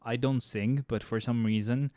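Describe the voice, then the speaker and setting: A man's voice: mid-range voice, steady tone, normal speed, darkish tone, no echo, studio quality. A man streaming a game and rambling casually, with loose, chatty talk full of fillers and restarts. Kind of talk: casual rambling chat while gaming.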